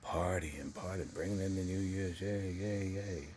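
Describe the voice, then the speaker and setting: A middle-aged man earnestly telling his own story in a vlog, halting and repeating himself as he pauses to collect himself. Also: sits low, darkish tone, a little hiss or hum. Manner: earnest and emotional. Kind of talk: personal confessional storytelling.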